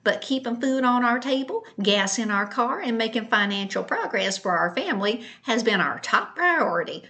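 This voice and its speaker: A woman's voice: medium pitch, sharp tone. A woman putting on a snippy, indignant sister-in-law. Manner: snippy, condescending lecturing tone. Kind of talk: mocking read-aloud of a message.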